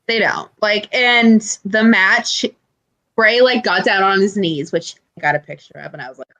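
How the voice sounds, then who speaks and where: A woman's voice: mid-range voice, moderate pace, pushed and bright. A woman co-hosting a podcast, telling stories animatedly with swearing and mimicked quotes. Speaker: podcast co-host. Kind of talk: casual chat.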